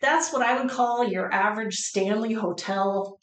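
Female guest, measured and explanatory, mid-pitch, echoey old building. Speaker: guest paranormal investigator. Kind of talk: casual chat. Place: inside an old hospital building.

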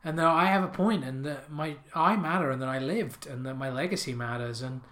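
A man voicing a distraught middle-aged man crying out to God in despair, pleading and breaking into shouts. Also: on the high side, brisk, lightly acted. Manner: wailing, pleading, voice cracking into shouts.

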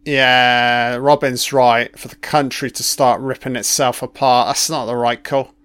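Man, mid-pitched, dry sound; casual reaction commentary, blunt and profane, muses out loud. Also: steady tone, measured pace, smooth, dry recording. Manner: profane, blunt, thinking aloud. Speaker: commentator reacting to archival broadcast.

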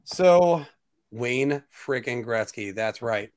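A man hosting a casual sports talk show, ranting opinions in an animated way. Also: mid-range voice, takes it slowly. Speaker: podcast host.

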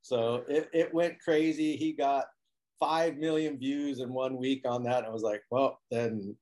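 A man telling stories in a relaxed interview, acting out other people's lines as he goes. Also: mid-range voice, a little slow. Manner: animated storyteller who acts out quotes. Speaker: guest, foil board maker. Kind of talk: casual storytelling interview. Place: Hawaii.

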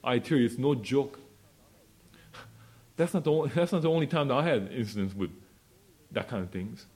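A man preaching a sermon and leading a prayer, swinging between quiet asides and loud, fervent declarations. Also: medium pitch, moderate pace. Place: church fellowship meeting.

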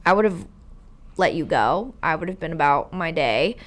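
A woman's voice: low voice, expressive, a little slow. A woman hosting a podcast, telling stories in casual chat and acting out other people's lines bluntly. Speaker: podcast host.

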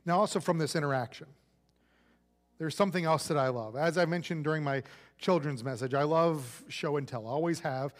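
A man's voice: on the high side, fairly quick, long reverb tail. A male pastor preaching a sermon in a conversational, playful way, acting out quoted voices.

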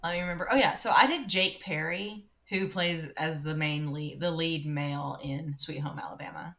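A woman's voice: low voice, normal speed, sharp tone. A woman co-hosting a casual chat, upbeat and easy to laugh, on a dull lo-fi mic.

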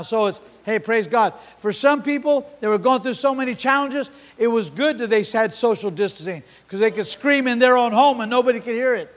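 A male pastor preaching an impassioned sermon, swinging from hushed asides to shouting. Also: extremely high pitch, moderate pace, few pauses. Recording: long hall reverb.

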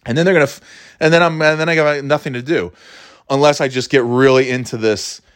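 A man's voice: medium pitch, fairly even intonation, brisk, smooth. A man hosting a podcast, telling stories in a rambling, profane, self-mocking way. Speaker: podcast host. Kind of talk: casual monologue.

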